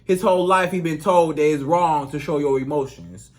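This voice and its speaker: A man's voice: on the high side, moderate pace. A man giving relationship advice in a casual, emphatic monologue, repeating his points in colloquial speech. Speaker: relationship coach.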